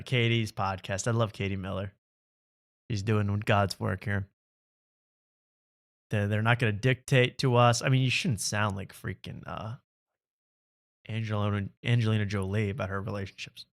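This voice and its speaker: A man's voice: fairly low pitch, fairly bright tone. A man hosting a comedy podcast, ranting sarcastically in casual chat. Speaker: host.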